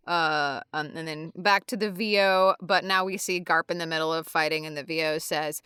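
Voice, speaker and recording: A woman on a podcast recaps a manga chapter in a relaxed way, jumping into character voices for the dialogue. Her voice is smooth and clear, and the sound is dry and close to the mic. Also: low-pitched, moderate pace, hardly any pauses, dry recording. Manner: reads panel dialogue in put-on voices, with many fillers. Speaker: podcast guest.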